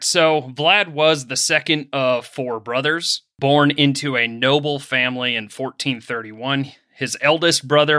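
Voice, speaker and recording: A man's voice: medium pitch, sharp tone, no room sound, clean studio sound. A young man from Pennsylvania co-hosting a podcast, reading through a history story casually and joking about his pronunciation. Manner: self-deprecating, reads history notes in an easygoing way. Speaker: podcast co-host.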